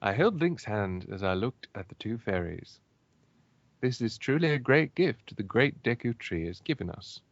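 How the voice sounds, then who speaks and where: A man's voice: fairly low pitch, big pitch swings, normal speed, no room sound. A man hosting a comedic group reading of fanfiction, joking and laughing often, in a dull lo-fi recording. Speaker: fanfiction reading show host.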